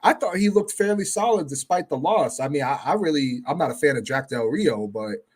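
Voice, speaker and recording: A man on as a guest talks football in a relaxed, measured way, hedging his points as he goes. His voice sits a little higher than most men's. It is an easygoing, conversational delivery. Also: husky. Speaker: guest fan analyst. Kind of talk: casual sports talk.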